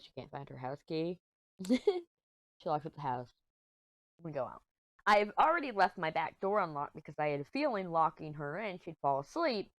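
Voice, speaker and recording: This is a middle-aged woman vlogger whose craft is diamond painting, chatting casually as she works and giggling often through a rambling story. Her voice is low-pitched and the recording is dry.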